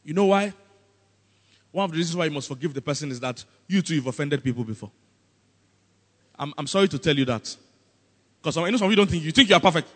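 A man with a Nigerian accent preaching a sermon as pastor, animated and often breaking into comic voices. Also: fairly high pitch, a little fast, long pauses, in a large hall.

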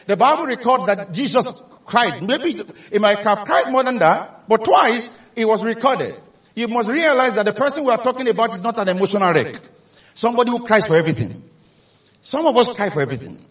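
A man with a Nigerian accent preaching a sermon, telling stories with animation and rising to shouts for emphasis. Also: high-pitched. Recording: echoey hall from a distance.

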